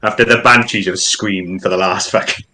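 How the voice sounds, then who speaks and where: A man's voice: low voice, steady tone, moderate pace, pushed and bright. A man playing in a tabletop game, joking and swearing in casual table chat. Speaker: player.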